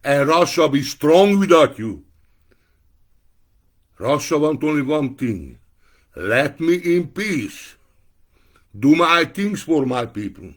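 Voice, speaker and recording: A man giving an angry, profane political rant to camera, breaking into shouted outbursts. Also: on the high side, animated, slow, pauses often.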